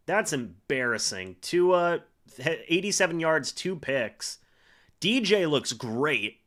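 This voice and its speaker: A young man hosting a live stream, reacting to a football game and calling plays in an excitable way, full of fillers. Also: on the high side, slow pace. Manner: excitable play-by-play with frequent fillers.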